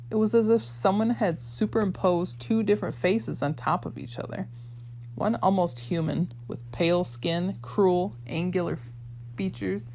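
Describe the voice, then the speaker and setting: A woman narrating a novel aloud in a measured storytelling way. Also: fairly low pitch, a little mellow, slight background noise. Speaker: audiobook reader. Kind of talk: scripted audiobook narration.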